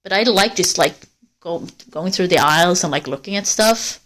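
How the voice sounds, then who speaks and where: A woman's voice: fairly low pitch, normal speed, fairly bright tone. Chatty woman rambling on a forest walk. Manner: rambling, chatty, swearing casually. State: cold. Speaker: livestreamer. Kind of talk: casual chat to viewers. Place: outdoors in a forest.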